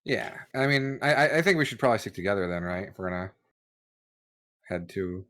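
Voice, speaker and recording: A man's voice: on the low side, animated, fairly quick, a bit bright. A man playing a tabletop game, laid-back, with stammering restarts. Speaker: player.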